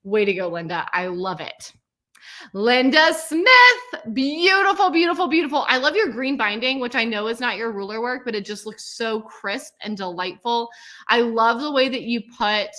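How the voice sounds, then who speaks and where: A woman hosting a quilting class celebration, gushing with praise and calling out each student's name with a loud cheer. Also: on the high side. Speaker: quilting teacher and host. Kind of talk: livestream celebration of student work.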